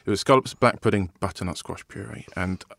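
A man's voice: low-pitched, a little fast, vocal fry, a bit bright, no echo, studio quality. A man from London, co-hosting a podcast in a casual, wry, teasing chat. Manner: wry, teasing, laughs often. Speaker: podcast co-host.

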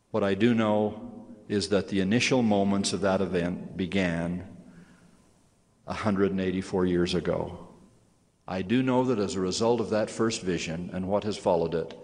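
An older man giving a sermon as a church leader, speaking slowly with solemn, emphatic testimony. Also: deep voice, a little mellow. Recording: long hall reverb.

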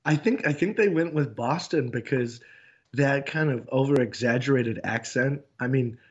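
A husky-voiced male co-host talks eagerly in casual radio chat. His sound is a bit muffled and lo-fi. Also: medium pitch. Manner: eager, explaining, quick to laugh.

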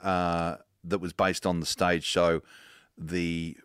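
Co-host, middle-aged man, low voice, deadpan jokes, dead dry studio sound. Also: smooth, dry recording. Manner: dry joking, unhurried storyteller. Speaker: podcast co-host reading from a book. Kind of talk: casual chat and storytelling.

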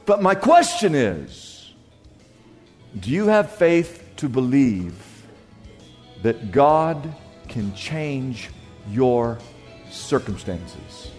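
A man preaching a sermon as pastor, with dramatic swings from quiet to loud. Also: sing-song, slow, pauses often, in a large hall, soft background music. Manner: dramatic preaching with big swings in pitch and volume.

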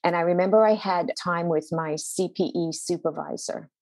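A woman's voice: lowish voice, moderate pace, vocal fry, darkish tone, no room sound. A woman pastor, a podcast guest, telling a personal faith story in an earnest, intense way with a shifting pace.

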